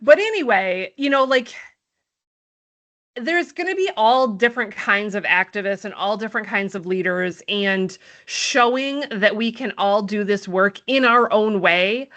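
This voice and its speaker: Brief: woman podcast co-host, bright, sharp voice, candid and wry. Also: medium pitch, a little slow. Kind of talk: casual podcast conversation.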